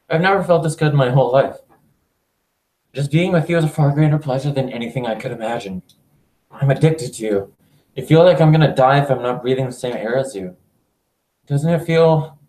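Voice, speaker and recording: A man's voice: fairly high pitch, darkish tone, lightly acted. A man reading an obsessive lovesick young woman. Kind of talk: reading game dialogue aloud. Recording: echoey room.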